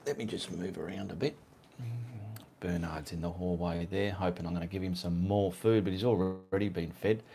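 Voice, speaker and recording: A rambling Australian man talks casually at home, answering viewers one by one on a live art stream. His voice sits a little low, and he keeps drifting off to side tasks before picking up the chat again. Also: fairly even intonation, moderate pace, gravelly, warm tone, slightly rough. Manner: chatty, reads out viewer comments, easily sidetracked. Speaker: artist hosting live Q&A stream.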